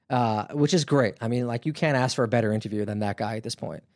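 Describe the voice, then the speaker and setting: A man's voice: mid-range voice, fast talker, a little mellow, dry recording. Chatty male podcast host, dry sound. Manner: conversational, filler-heavy, wry. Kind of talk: casual storytelling chat.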